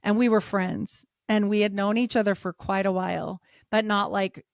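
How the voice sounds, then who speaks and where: A woman in her forties talking as a podcast guest, with a mid-range voice for a woman. She tells her story with lots of laughter and a steady stream of "like". The recording is close and dry, with no room sound. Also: medium pitch, moderate pace, gravelly, dry recording. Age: 40s. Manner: animated, laughs often, many "like" fillers. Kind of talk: casual storytelling.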